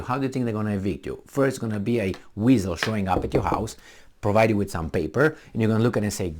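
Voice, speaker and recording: A man's voice: mid-range voice, sing-song, quick pace, darkish tone. Middle-aged guy ranting, sarcastic and combative, voice jumping all over the place. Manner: sarcastic, combative, rhetorical questions. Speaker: political commentator. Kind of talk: ranting commentary.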